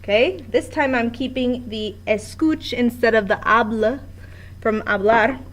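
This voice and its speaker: A woman's voice: a little high, a little slow. A woman teaching a Spanish grammar lesson at a board in a classroom, explaining step by step with patience.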